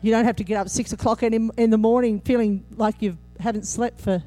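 A woman preaching a sermon, animated and humorous, acting out scripture quotes with sudden jumps in voice. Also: fairly high pitch, a little fast.

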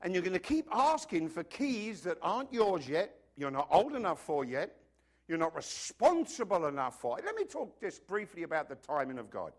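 Man, preacher, sermon, fairly high voice, very expressive pitch, chatty with humorous asides. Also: normal speed. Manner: animated, conversational preaching with joking asides.

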